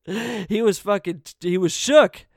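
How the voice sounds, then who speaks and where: A man's voice: high voice, slow pace, creaky, dry recording, studio quality. A man casually telling a story in a profane, laid-back way, laughing between sentences and dropping "man" often.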